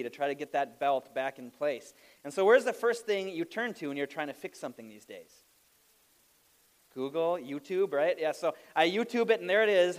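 A man preaching a sermon, opening with a funny personal story and laughing at himself as he goes. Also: a little high. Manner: animated storytelling with self-deprecating laughs. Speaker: pastor.

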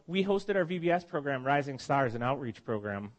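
A man's voice: mid-range voice, very animated, brisk, muffled recording. A man preaching a sermon to his congregation, telling stories in a conversational, heartfelt way with many restarts, while he has a cold. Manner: conversational, emotional storytelling with frequent restarts. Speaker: pastor. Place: church congregation meeting in a school.

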